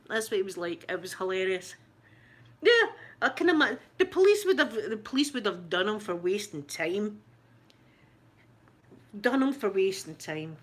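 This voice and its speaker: A woman's voice: medium pitch, normal speed, long pauses. A Scottish woman chatting casually on a livestream, telling gossipy stories with a lot of laughter. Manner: animated, gossipy storytelling with lots of laughter. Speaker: ASMR YouTuber answering live chat.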